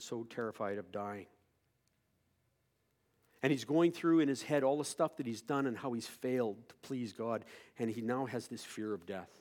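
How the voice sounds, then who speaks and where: A male pastor preaching a sermon, moving from quiet storytelling to loud, impassioned preaching. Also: medium pitch.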